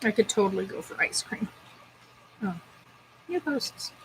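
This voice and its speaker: A woman's voice: mid-range voice, lively intonation, measured pace, gravelly, fairly bright tone, a little hiss or hum, rough recording. A young woman chatting to herself in a casual vlog, bubbly and talkative. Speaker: vlogger.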